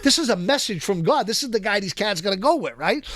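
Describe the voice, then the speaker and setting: Guy on a podcast spinning street stories, swears a lot, kinda high voice, dry close studio sound. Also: fast talker, dry recording. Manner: animated, profane, streetwise storytelling. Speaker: podcast guest. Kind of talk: casual storytelling interview.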